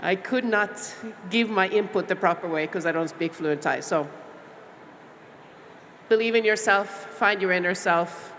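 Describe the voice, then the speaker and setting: A middle-aged woman from Norway, speaking on a panel as a small business owner, heartfelt and reflective with many pauses and fillers. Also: fairly low pitch, fairly bright tone. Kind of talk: panel discussion talk. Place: large expo hall stage. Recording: long hall reverb with faint background noise.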